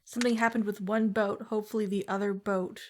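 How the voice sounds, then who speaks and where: Woman player, tentative, questioning, mid-pitched. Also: flat delivery, fast, a little mellow. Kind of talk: tabletop role-play.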